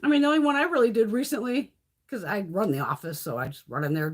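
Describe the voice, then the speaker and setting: Speaking fast at a medium pitch, a woman runs a laid-back beauty livestream from her phone. Her stories are full of profanity and laughter.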